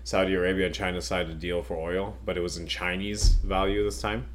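A man's voice: sits low, brisk, slight background noise. A man co-hosting a casual podcast chat, rambling and swearing freely as he makes his points. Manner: profane, rambling, animated.

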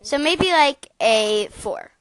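A woman's voice: sits high, animated, slow pace, fairly bright tone, dry recording, poor audio. A woman co-hosting a casual podcast, chatty and full of hesitant fillers. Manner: chatty, hesitant fillers, rating things aloud. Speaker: podcast co-host.

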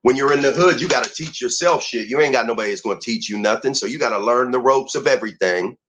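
A man's voice: mid-range voice, fast, fairly bright tone, a little hiss or hum, low-quality recording. A man ranting heatedly and profanely as a guest on a talk show.

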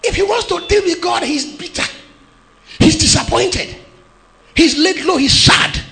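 Preaching a little slowly, this pastor from Nigeria has a very high, animated voice with wide pitch swings and a gravelly, creaky edge. He hammers his message with emphatic shouted lines and sung-out phrases in his sermon.

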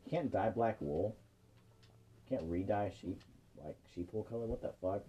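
A man's voice: lowish voice, moderate pace, warm tone. A man in his twenties on a podcast, chatting casually and profanely while playing a game and joking around. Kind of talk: casual chat while gaming.

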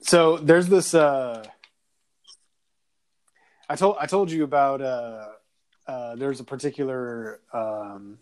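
A man co-hosts a podcast, telling crude stories with lots of laughter. His voice sits mid-range, and his pitch jumps around as he gets animated. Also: takes it slowly, long pauses. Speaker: podcast co-host. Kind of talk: casual chat.

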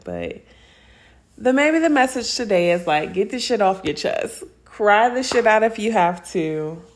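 A young woman hosting a podcast, talking candidly and casually with profanity and frequent laughter. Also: medium pitch. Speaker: podcast host. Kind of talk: casual personal monologue.

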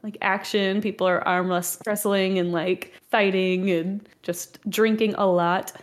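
A woman playing a tabletop role-play, relaxed and explaining at length. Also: mid-range voice, a little slow. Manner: relaxed, explaining, laughs often. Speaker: player.

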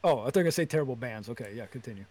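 A man's voice: medium pitch, animated, very fast, darkish tone. A man hosting a casual podcast chat, with brief remarks that steer the conversation.

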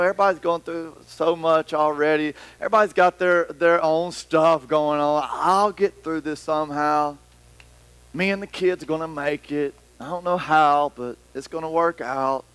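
A preacher voicing a gloomy, defeated churchgoing man who talks slowly and sighs. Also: a bit bright, smooth, natural voice. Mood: mopey. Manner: slow, sighing, low-spirited.

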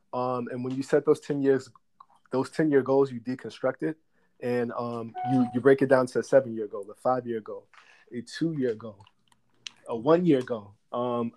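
A man's voice: mid-range voice, a little mellow, a little hiss or hum. A young adult man giving long, earnest answers as an interview guest, explaining step by step with frequent fillers. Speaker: guest, credit repair business director.

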